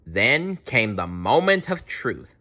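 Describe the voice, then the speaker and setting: A man's voice: mid-range voice, sing-song, takes it slowly, pushed and bright. A man reading a children's picture book aloud in a playful storytelling manner. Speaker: read-aloud narrator.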